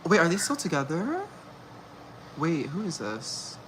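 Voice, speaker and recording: Young woman spilling tea, bright voice, pitch jumping all over, bit of background hiss. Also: a little slow. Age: young adult. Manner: gossipy, animated, slangy, laughing often. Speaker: vlogger. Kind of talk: casual storytime chat.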